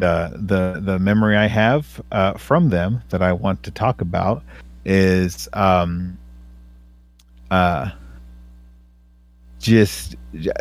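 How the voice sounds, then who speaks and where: Casual podcast chat from a male co-host in his thirties, whose deep voice is captured without echo. He hesitates a lot, restarting sentences and filling gaps with fillers.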